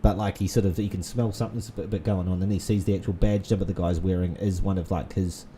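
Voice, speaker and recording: A man's voice: sits low, fairly even intonation, fast, dark tone, a little hiss or hum. A man, rambling in casual gaming commentary full of fillers and restarts. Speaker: gaming channel host. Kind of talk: casual let's-play commentary.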